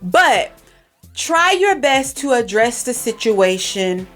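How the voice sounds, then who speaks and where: Woman talking straight to camera about parenting, kinda high voice, faint music behind. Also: sing-song, takes it slowly, a bit bright. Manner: direct, emphatic, repeats herself for stress. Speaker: podcast host. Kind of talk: casual parenting advice monologue. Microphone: recorded for podcast and video, facing camera.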